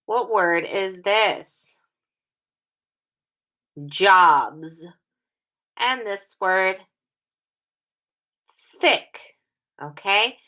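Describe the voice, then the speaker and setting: Slow, bright-voiced woman teacher. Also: mid-range voice. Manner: slow, clearly enunciated reading, sentences read aloud in phrases. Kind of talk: recorded phonics lesson for young children.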